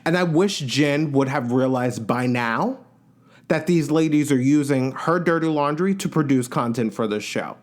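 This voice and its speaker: A man's voice: mid-range voice, normal speed. A man hosting a podcast, giving a casual, opinionated recap of a reality show and acting out quotes in changing voices.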